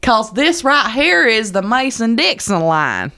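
A woman voicing an exaggerated, slow-drawling Southern hick with a heavy twang. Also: a little high, big pitch swings, voice pushed up, exaggerated voice. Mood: mock-folksy. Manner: slow, drawn-out and loud.

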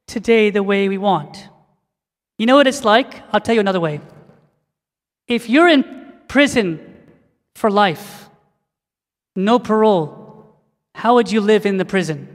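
Male pastor, high voice, emphatic sermon delivery, reverberant sanctuary. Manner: emphatic preaching, softening into quiet prayer. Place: church.

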